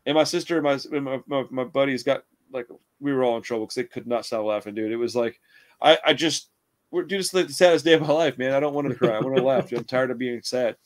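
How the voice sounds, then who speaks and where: A man's voice: medium pitch, quick pace. A young man telling rambling stories in casual chat, swearing a lot and calling people dude and bro.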